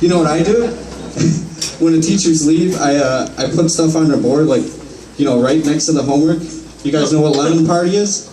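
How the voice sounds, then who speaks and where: A stand-up comedian in his twenties, with a slightly high, warm voice and a brisk delivery, works through a rambling, profane open-mic set in a small bar, laughing at his own jokes. The recording is echoey and distant, with crowd laughter behind him.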